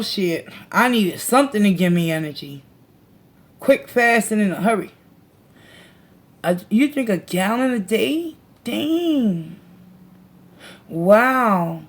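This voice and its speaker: A woman hosting a casual livestream, chatting with viewers in a slangy, laughing way and reading their comments aloud. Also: medium pitch. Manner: slangy, laughs a lot, talks to chat. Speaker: tarot reader and livestream host.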